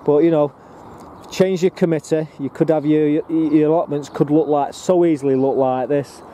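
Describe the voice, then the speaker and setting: A man's voice: on the high side, steady tone, moderate pace, warm tone, a little hiss or hum. Chatty man touring allotments outdoors. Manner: rambling and chatty, frequent ums and restarts. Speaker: allotment vlogger giving a walking tour. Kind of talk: casual walk-and-talk commentary.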